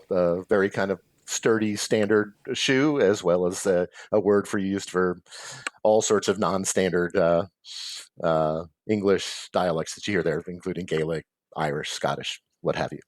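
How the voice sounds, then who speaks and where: Low-voiced man hosting pub trivia. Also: normal speed, darkish tone, dry recording. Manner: chatty, adds background facts after answers. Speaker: trivia quiz host. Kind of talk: reading trivia questions, casual chat.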